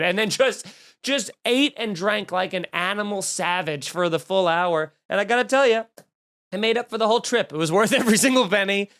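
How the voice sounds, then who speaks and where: A man in his thirties with a high-pitched voice, hosting a comedy podcast. He tells a long travel story in a snarky, animated rant, jumping into the voices of the people he met. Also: moderate pace.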